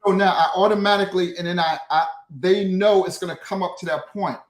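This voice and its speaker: A man's voice: high voice, steady tone, brisk. A man as an interview guest, explaining his methods with frequent restarts and "right?" tags. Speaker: guest, social media creator. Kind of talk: interview answers. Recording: roomy echo.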